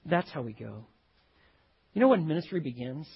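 A man preaching a sermon as a pastor, telling stories and rising to sudden loud emphasis. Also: on the high side, very animated, moderate pace, creaky, breathy edge, highs cut off.

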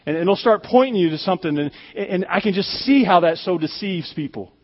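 A man's voice: high-pitched, expressive, brisk, highs cut off. Man preaching in an echoey hall. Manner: conversational, emphatic preaching with repeated words. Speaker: pastor. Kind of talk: sermon.

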